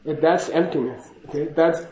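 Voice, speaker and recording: A man's voice: a little high, moderate pace, warm tone, roomy sound, poor audio. A man giving a casual spoken teaching to a class, chatty and laughing, often checking in with "okay?". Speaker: Buddhist teacher.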